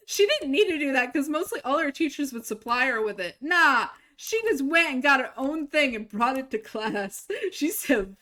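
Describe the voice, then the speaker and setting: A woman's voice: high-pitched, a bit bright. A young woman streamer telling a story in casual chat, swearing freely, laughing and acting out quoted lines. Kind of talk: casual storytelling while gaming.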